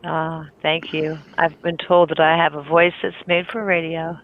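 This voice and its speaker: Raspy warm woman on a tinny line. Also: deep voice, little pitch movement, normal speed. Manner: chatty, laughs often. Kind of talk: casual group voice chat.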